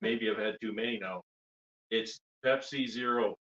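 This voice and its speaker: A man's voice: lowish voice, normal speed, a bit bright, echoey room, muffled recording. A man hosting a beekeeping live stream from a wood shop, rambling in jokey banter. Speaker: host, beekeeper.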